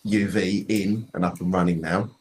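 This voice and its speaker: A man's voice: low voice, fairly even intonation, moderate pace, darkish tone, breathy edge. A Scottish man co-hosting a casual hobby podcast, chatting over a call with frequent restarts and casual swearing. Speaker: podcast co-host. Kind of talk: casual chat.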